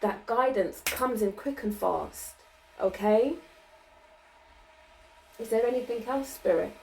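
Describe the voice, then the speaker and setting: A woman giving a channeled card reading, gentle and reassuring, often ending her sentences with "okay?" and laughing lightly. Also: a little high, slow pace, creaky, far from the mic, slight background noise, rough recording. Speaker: spiritual card reader.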